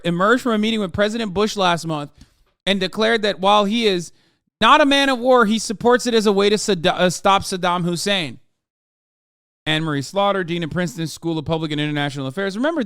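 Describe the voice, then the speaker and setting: A man's voice: high voice, creaky, fairly bright tone, clean tone, no room sound, clean studio sound. A man livestreaming, giving heated, profane, sarcastic commentary while reacting to a news piece.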